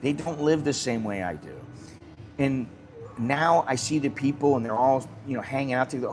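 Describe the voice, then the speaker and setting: A man's voice: medium pitch, very animated, fairly quick, soft background music. An American man hosting a casual live stream, talking bluntly in a rambling way and swearing freely. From United States.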